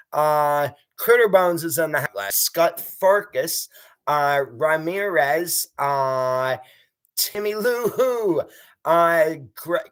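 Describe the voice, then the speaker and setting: A man hosting a casual live stream, reading viewer comments aloud and encouraging them. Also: a little high.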